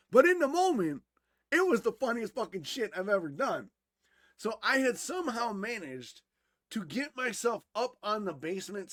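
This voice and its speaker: A man co-hosting a podcast, telling a story casually, animated and swearing freely, who grew up in Wisconsin. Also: sits high, no room sound, clean studio sound. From Wisconsin, USA. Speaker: podcast co-host.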